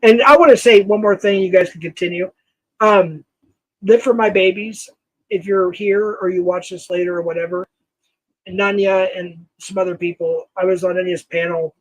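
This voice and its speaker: A man with a notably high voice hosts a livestream in a dry, close sound. He rambles warmly through thanks to viewers, leaning on fillers and quick laughs as he goes. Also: no echo, low-quality recording. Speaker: livestream host. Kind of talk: casual livestream chat.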